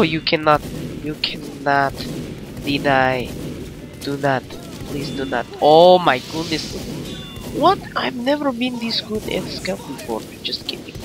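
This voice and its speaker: A man's voice: fairly high pitch, gravelly. A man doing let's play commentary in a put-on Russian accent. He speaks broken English and brags and giggles through it. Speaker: gamer. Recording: game gunfire loud behind voice. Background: shooter game sounds and gunfire.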